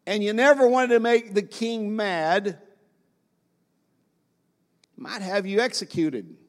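A man with a high voice preaches a sermon from the pulpit. He works the congregation with repeated phrases and questions, and his voice rings with the long reverb of a large hall. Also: slow. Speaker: pastor.

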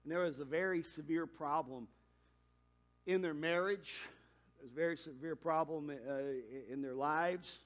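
A pastor preaching a sermon in a conversational way, with quick asides and emphatic climbs. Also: male voice, a little high.

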